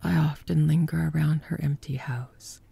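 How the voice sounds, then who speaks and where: A woman narrating a ghost story in a hushed voice that often drops to a whisper. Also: deep voice, steady tone, moderate pace, gravelly, husky, no echo.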